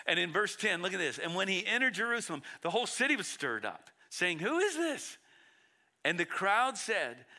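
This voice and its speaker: A man preaching a sermon as a pastor, earnest, moving between loud emphatic bursts and hushed low passages, often repeating his words. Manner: frequent repeated words and restarts.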